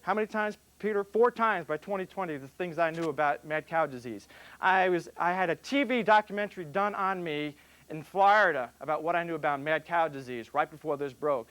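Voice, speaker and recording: A man's voice: a little high, fairly quick, fairly bright tone. An older man, a veterinarian, giving a rambling, jokey conference lecture.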